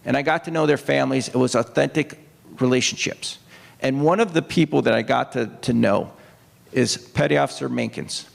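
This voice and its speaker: A gravelly older man, a retired naval officer at a book event, tells a personal story from an opera house stage. His medium-pitched voice moves fairly quickly, earnest and emotional, rising into acted quotes. Long hall reverb surrounds the recording.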